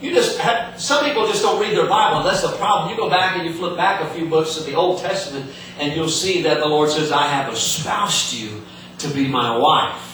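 Earnest preacher in an echoey hall. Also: male voice, sits high, a little fast, a bit bright, slight background noise. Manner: earnest, repeats words and restarts often. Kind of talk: sermon. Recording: echoey hall, mic at a distance.

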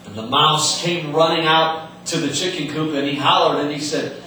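Man, preacher, earnest sermon, repeats and restarts, bright voice, very echoey hall, faint ambience. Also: on the high side, normal speed, a little hiss or hum. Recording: echoey hall, mic at a distance.

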